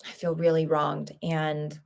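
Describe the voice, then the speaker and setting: A woman leading a group tapping session, speaking calm, short phrases for listeners to repeat. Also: sits low, measured pace, gravelly. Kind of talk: guided tapping script, spoken in short phrases.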